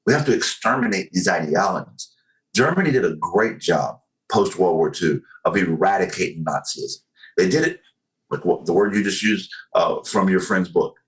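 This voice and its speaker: A man's voice: low-pitched, animated, normal speed, fairly bright tone, poor audio. A man talking earnestly as a podcast guest, building his point with analogies and many fillers. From United States. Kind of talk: casual podcast conversation.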